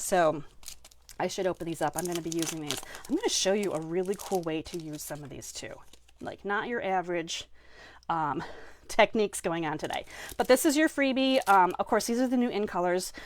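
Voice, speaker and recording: Chatty craft teacher with a Maine accent. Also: female voice, medium pitch. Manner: chatty, enthusiastic, greets viewers by name. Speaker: card-making instructor. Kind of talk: live online craft class. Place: home craft room.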